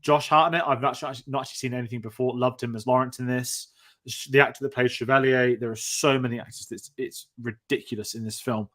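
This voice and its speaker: Chatty film podcast host. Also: male voice, mid-range voice, steady tone, quick pace, fairly bright tone. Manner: chatty, rambling, restarts often. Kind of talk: casual film-review chat.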